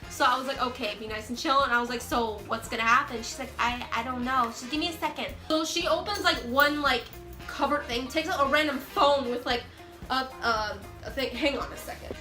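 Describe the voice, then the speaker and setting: A young woman telling a storytime vlog in an animated, excitable, self-mocking way. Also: sits high, fairly quick, reverberant, over music. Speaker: vlogger.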